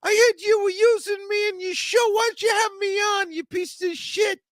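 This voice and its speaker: A man voicing a tiny, pushy would-be comedian with a high, shouting, gruff voice. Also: fairly even intonation, moderate pace, no room sound, studio quality.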